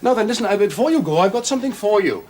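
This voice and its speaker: An actor playing a gentle, patient older brother in a 1970s television period drama. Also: male voice, high-pitched, lively intonation, very fast, slight background noise. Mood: cheerful. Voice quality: gentle, coaxing.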